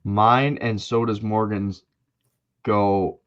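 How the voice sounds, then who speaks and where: A man's voice: lowish voice, measured pace, lo-fi sound. A young man co-hosting a podcast, chatting casually with laid-back, rambling asides. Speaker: podcast co-host. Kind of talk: casual chat.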